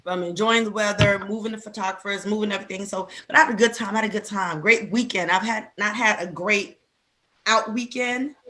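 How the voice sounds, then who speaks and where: A woman with a hoarse voice chats casually with friends on a podcast. She tells stories with a lot of animation and slips into other people's voices as she acts out what they said. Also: medium pitch, steady tone, a little fast, bright, forceful tone. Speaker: podcast co-host. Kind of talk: casual chat among friends.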